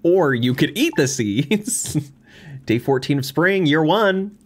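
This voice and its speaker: A man streaming a farming game live, reacting loudly and reading the on-screen text aloud, with frequent laughs and yelps. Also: fairly high pitch, expressive, slow pace. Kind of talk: live gameplay commentary.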